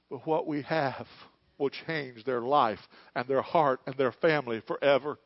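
A middle-aged male pastor preaching a sermon in church, moving between quiet, hushed lines and loud, fervent calls. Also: mid-range voice, a little slow, few pauses, no echo, highs cut off. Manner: preaching, swings from hushed to shouting.

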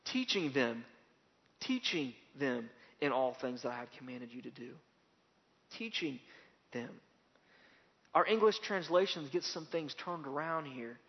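A man's voice: mid-range voice, expressive, unhurried, pauses often. A man preaching a sermon as pastor, building to emphatic, repetitive bursts. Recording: dull lo-fi sound with long hall reverb.

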